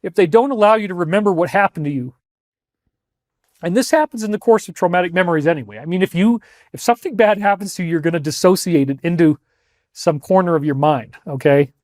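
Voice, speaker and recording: In a high, darkish voice, a man speaks fast while crying through an emotional livestream monologue, repeating himself emphatically and calling his listeners folks. The sound is clean studio audio with no echo.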